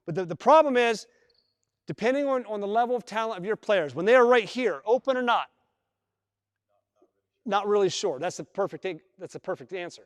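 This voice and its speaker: A man's voice: sits high, lively intonation, fairly quick, pauses often, studio quality. A man coaching basketball at a live clinic, talking through drills and repeating himself as he demonstrates with players. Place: large indoor gym. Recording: long reverb in a gym hall.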